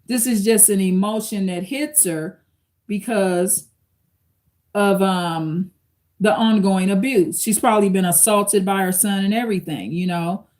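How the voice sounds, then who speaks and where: On a live stream, a woman reads an article aloud and reacts casually, quoting passages and calling her viewers "y'all." Her voice is medium-pitched and darkish, at a measured pace.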